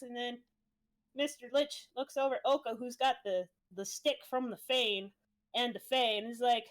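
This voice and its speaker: High-voiced woman recapping a game. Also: normal speed. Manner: profane, breezy storytelling. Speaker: streamer recapping a tabletop game session.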